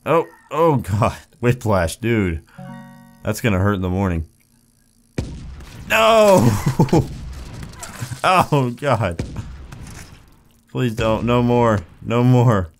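A man's voice: lowish voice, lively intonation, measured pace, soft background music. A young man casually commenting on a video game as he plays, yelping and laughing at the mishaps and cracking wry jokes. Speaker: gaming YouTuber. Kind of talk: casual let's play commentary.

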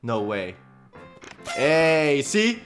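A man giving casual reaction commentary on a cartoon, excitable and slangy, laughing often. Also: on the high side, very slow, soft background music.

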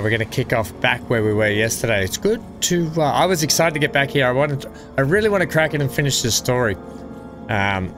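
Chatty man streaming a game. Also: mid-range voice. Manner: chatty, self-deprecating, talks to chat by name. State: coughing, something in throat. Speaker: gaming streamer. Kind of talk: casual live-stream chat.

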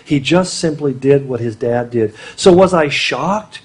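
Unhurried and expressive, a middle-aged man with a husky, mid-range voice delivers a lighthearted, conversational sermon at a marriage conference. As the speaker, he dramatizes small quotes throughout.

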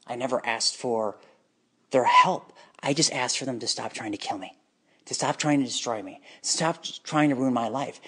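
A man telling his own life story in an unscripted personal monologue, bitter and emotionally charged, halting at times. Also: medium pitch, animated, sharp tone, husky.

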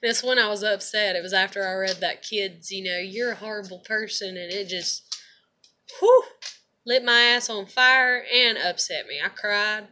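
A woman's voice: mid-range voice, a little slow, pushed and bright. A tired young woman, venting to camera in a rambling, profane way and laughing often. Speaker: vlogger.

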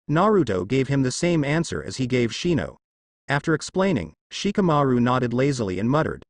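A man's voice: medium pitch, sing-song, a little fast, no echo. Man narrating fan fiction, dry close sound. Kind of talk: reading fan fiction aloud.

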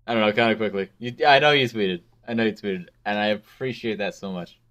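A man's voice: on the low side, a little fast, a bit bright. A man chatting casually with viewers and his co-host during a game stream. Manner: casual, chatty, fillers and restarts.

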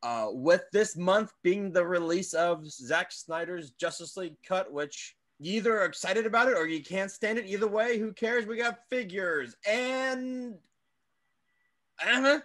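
A man's voice: high-pitched, fairly bright tone. A man co-hosting a casual toy podcast, joking around and chatting loosely. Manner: joking, playful, quick asides. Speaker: podcast co-host. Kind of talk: casual chat.

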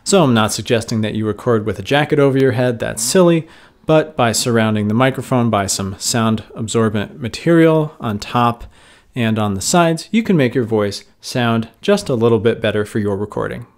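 Man explaining calmly in an echoey closet. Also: mid-range voice, moderate pace. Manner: calm, explanatory, demonstrating as he goes. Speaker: teacher demonstrating recording. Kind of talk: instructional tutorial. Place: closet set up as a recording booth. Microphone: studio microphone.

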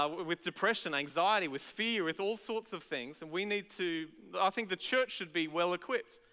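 An Australian man preaches a sermon in a lively, conversational way, acting out everyday voices. His voice sits high and bright, smooth and resonant. A long hall reverb trails behind his words. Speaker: pastor. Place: large church auditorium.

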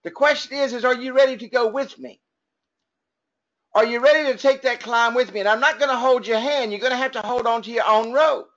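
A man with a Texan drawl and a rather high voice leads an upbeat, motivational business training over an online call. His delivery is folksy and joking as he chats with the people listening. The sound is dull and lo-fi. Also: brisk, fairly bright tone. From Texas.

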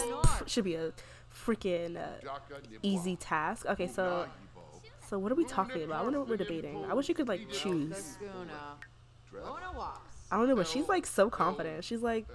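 A woman's voice: medium pitch, animated, fairly quick. Gushing woman narrating her gameplay. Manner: chatty, gushing, frequent "like" fillers. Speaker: gaming channel host. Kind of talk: casual gameplay commentary.

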